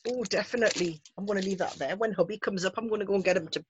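A woman hosting a casual chat podcast, chatty and quick to laugh, snacking as she talks. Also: mid-range voice, dull audio, noisy background. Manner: chatty, laughs often, eats while talking. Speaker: podcast host.

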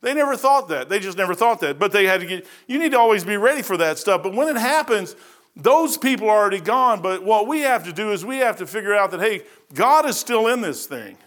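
Bright-voiced, high-pitched preacher. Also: male voice, animated, fairly quick. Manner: folksy storytelling, swings between loud bursts and quiet asides. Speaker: pastor. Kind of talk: sermon with personal stories.

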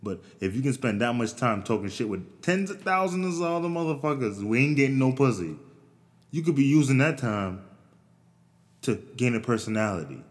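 Male host, very low voice, profane rambling comedic rant with incredulous squeaks, long reverb tail. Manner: profane, rambling, jumps to shrill incredulous outbursts.

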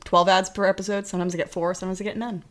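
A young adult woman co-hosting a casual chat podcast, wry and quick to laugh, steering the talk. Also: medium pitch, flat delivery. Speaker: podcast co-host.

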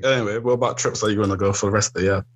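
Laid-back husky young man. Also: fairly low pitch, fairly even intonation, very fast. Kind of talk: casual chat.

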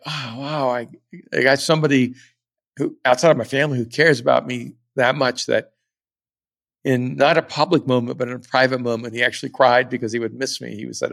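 A middle-aged podcast host tells a personal story earnestly and reflectively, often restarting his sentences. His mid-range voice is creaky, and the recording is dry.

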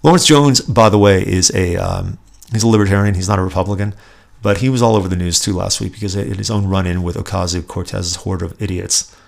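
Male podcast host, lowish gravelly voice, indignant and emphatic. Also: fairly even intonation, brisk. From Southern California, USA. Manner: indignant, sarcastic, emphatic with repeated restarts. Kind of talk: opinionated solo commentary.

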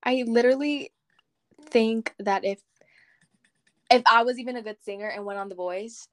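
A woman's voice: on the high side, fairly even intonation, moderate pace. A young woman chatting casually in a playful, dramatic, teasing way. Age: young adult. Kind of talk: casual chat.

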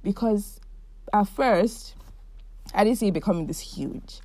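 In an unhurried, medium-pitched voice, a twenty-something woman reflects on her feelings in a solo podcast episode. Her tone is heartfelt and warm, and she says "like" a lot.

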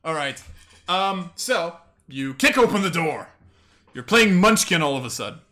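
A man narrating a tabletop game as game master, animated and laughing often. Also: on the high side, a little slow.

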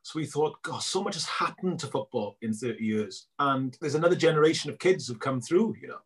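A middle-aged man, a filmmaker being interviewed, telling animated stories and acting out both sides of conversations. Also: fairly high pitch, fairly quick, slightly rough. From Wales. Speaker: guest filmmaker. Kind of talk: casual interview chat.

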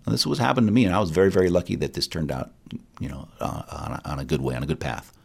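A middle-aged man, a retired highway patrol sergeant, telling a personal story candidly in an interview. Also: very fast, gravelly, slight background noise. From United States. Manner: earnest, candid, quotes others in lively voices.

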